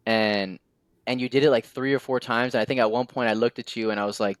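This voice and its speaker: A man's voice: mid-range voice, fast talker, no echo. Rambling young man, dry close sound. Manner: rambling storytelling with many fillers. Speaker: podcast host. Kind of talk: casual heartfelt conversation.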